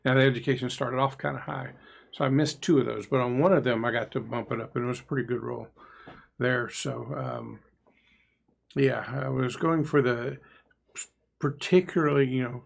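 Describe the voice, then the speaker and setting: A man's voice: medium pitch, fairly even intonation, normal speed, creaky. A man co-hosting a casual game review podcast, chatty and musing, often trailing into asides. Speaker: podcast co-host, player. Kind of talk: casual discussion.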